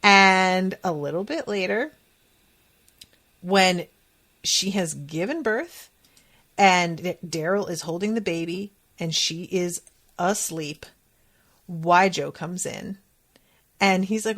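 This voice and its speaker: A woman hosting a podcast, casually recapping a TV episode in a chatty, candid way and acting out quotes with sudden pitch jumps. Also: slow pace, pauses often, a bit bright.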